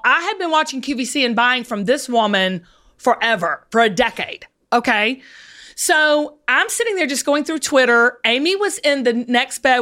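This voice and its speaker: A woman guest in casual chat, an excited, gushing storyteller who gets emotional. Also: sits high. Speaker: podcast guest, TV seller.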